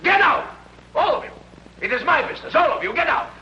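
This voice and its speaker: An earnest, devout shoemaker, bright voice. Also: male voice, mid-range voice, very animated, fairly quick, highs cut off, a little hiss or hum. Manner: earnest and pleading. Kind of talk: 1950s film acting.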